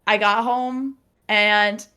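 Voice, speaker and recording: A young woman in casual chat, telling a personal story with lively acted-out quotes and frequent laughter. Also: medium pitch, extremely slow, clean tone. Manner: animated storyteller, acts out quotes, laughs often. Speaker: podcast guest.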